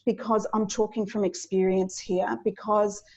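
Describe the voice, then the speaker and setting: A woman's voice: medium pitch, flat delivery, unhurried, a little mellow, low-quality recording. A woman podcast guest, a coach, speaking earnestly and from the heart about mindfulness in casual interview chat. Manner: earnest, heartfelt spiritual sharing.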